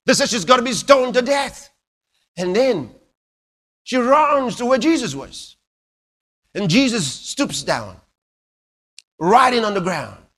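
A male preacher delivering a sermon in a high, bright voice that swings widely in pitch. He tells his stories slowly and dramatically, leaping from hushed near-whispers to ringing shouts. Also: sing-song. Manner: dramatic, exclamatory storytelling with sudden loud bursts and hushed drops.

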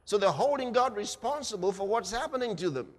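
A male preacher delivering a sermon, dramatic, swinging between hushed passages and shouted ones. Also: high-pitched, lively intonation, brisk. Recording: reverberant hall.

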